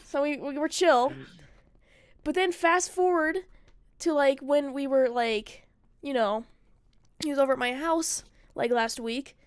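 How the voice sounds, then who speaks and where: High-voiced woman telling a rambling story. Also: unhurried, pauses often, dry recording, clean studio sound. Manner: rambling, profane, frequent "like" fillers, laughs. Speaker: streamer. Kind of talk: casual storytelling chat.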